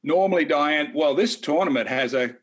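A man co-hosting a casual golf betting chat, talking in a chatty, animated way with folksy asides. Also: fairly high pitch, normal speed, slightly rough. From Australia. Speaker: golf analyst co-host.

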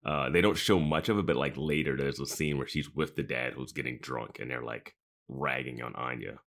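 A man co-hosting a podcast in casual chat, chiming in with quick agreement and laughing often. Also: very deep voice, fairly bright tone. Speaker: podcast co-host.

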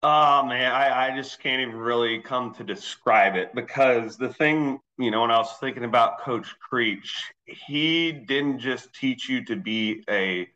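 A man's voice: mid-range voice, measured pace, few pauses, pushed and bright, highs cut off. A man, a swim coach, telling stories in an easygoing way as a guest on a casual podcast. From Philadelphia area, raised in Texas. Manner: easygoing storytelling with fillers.

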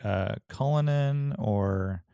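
A young man with a fairly low voice, chatting casually with short, easygoing reactions. The sound is dry and close, with no room echo. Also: slow pace, vocal fry, clean tone. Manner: short relaxed reactions and questions. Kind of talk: casual chat.

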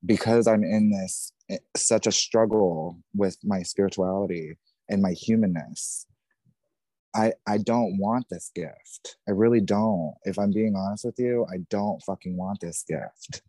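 A man's voice: fairly low pitch, measured pace, dark tone, no room sound. A man in his thirties, a podcast guest, telling a painful personal story in a raw, intense way, swearing often and repeating himself. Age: 30s.

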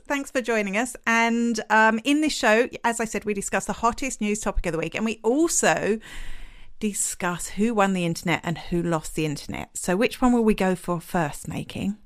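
A woman hosting a live podcast, telling stories in a chatty, lively way. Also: fairly high pitch, moderate pace. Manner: chatty, lively storytelling with laughs. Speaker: podcast host.

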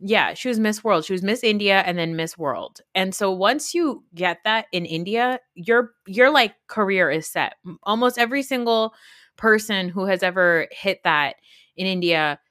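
A woman's voice: mid-range voice, lively intonation, normal speed, fairly bright tone, no echo, clean studio sound. A woman in her thirties co-hosting a casual pop-culture gossip podcast, talking frankly and rambling, swearing freely. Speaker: podcast co-host.

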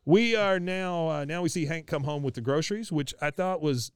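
Male podcast host, casual recap, smooth clear voice, dry close mic. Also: fairly high pitch, moderate pace, no echo. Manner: chatty, laughs often, many fillers.

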